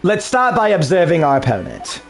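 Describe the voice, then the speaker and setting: A man voicing a composed, calculating male investigator who speaks in a measured, formal way. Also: a little high, wildly swooping pitch, faint music behind.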